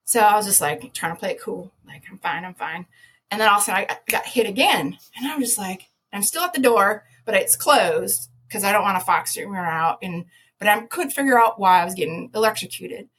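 A woman, a podcast guest, telling an animated story with lots of laughter, sudden loud shouted quotes and many restarts. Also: mid-range voice, brisk, a little hiss or hum. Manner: lively, laughing, jumps to loud shouts when quoting herself.

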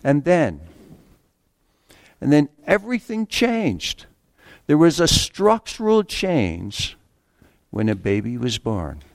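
A man preaching a sermon in an earnest way, slowing down to read scripture aloud and stumbling over the odd restart. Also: fairly high pitch, huge pitch swings, vocal fry, dry recording, clean studio sound.

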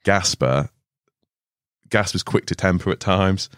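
In a podcast studio, a twentysomething male guest shares stories in a relaxed way, cursing frequently and laughing along. His low voice is a little slow and a bit bright, with a clear, resonant tone. There's no room sound, and the audio is studio quality.

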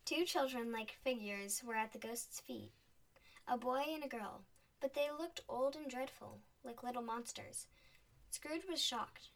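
A woman reading a storybook aloud in a clear, expressive way. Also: on the high side, unhurried. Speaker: narrator. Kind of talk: storybook narration. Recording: voice a bit distant from the mic.

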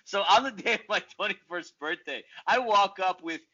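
Laughing high-voiced podcast co-host. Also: male voice, moderate pace, highs cut off. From Queens, New York. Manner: laughing, animated storyteller. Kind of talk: casual sports podcast chat.

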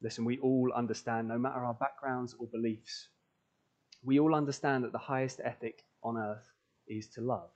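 A man's voice: mid-range voice, steady tone, moderate pace, darkish tone. A man preaches to a church congregation in an earnest voice. He leans on repeated phrases to build each point. The sound is dull and lo-fi. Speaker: pastor. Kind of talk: sermon. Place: church, recorded for online stream.

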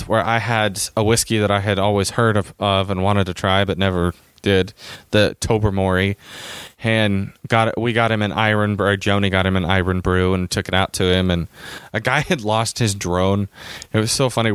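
A man's voice: fairly low pitch, smooth, no echo. A man casually recounting a trip, rambling and quoting people he met along the way. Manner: rambling, retelling a trip with quoted dialogue. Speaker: trip storyteller. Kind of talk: casual chat.

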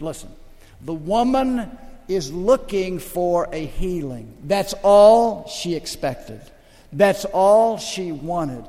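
An older man preaching a sermon as the pastor, telling stories dramatically and swinging between loud and hushed. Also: fairly high pitch, lively intonation, slow, long reverb tail.

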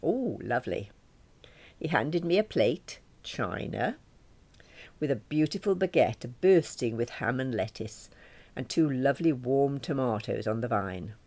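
A woman's voice: very deep voice, animated, measured pace, darkish tone. A woman reading a first-person novel, chatty and wry, poking fun at herself. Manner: wry, self-deprecating, chatty. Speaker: audiobook narrator.

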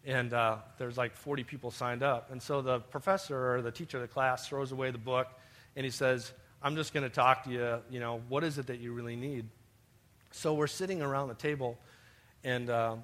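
A man's voice: medium pitch, fairly even intonation, brisk, fairly bright tone. A man preaching a sermon, telling personal stories and addressing his listeners as beloved. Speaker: pastor.

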